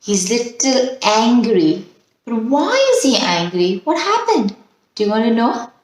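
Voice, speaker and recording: Woman teacher reading a storybook to small kids, unhurried and coaxing, with a strong room echo. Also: on the high side, sing-song. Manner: slow, gentle, coaxing, asks children questions. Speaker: children's teacher. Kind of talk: storytime and calming exercise for young children. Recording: very echoey room.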